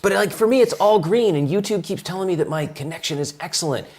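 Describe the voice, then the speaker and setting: A man's voice: high voice, fast talker, darkish tone. A man chatting on a live stream, joking and playful, often mocking himself. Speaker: artist and guest of a live stream. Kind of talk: casual live stream chat.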